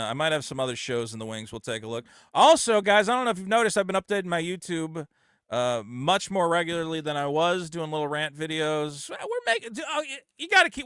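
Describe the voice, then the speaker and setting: A man hosting a call-in podcast, talking in a loud, profane, ranting way on a close studio mic. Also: on the high side, smooth, no room sound. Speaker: podcast host. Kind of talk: casual call-in chat.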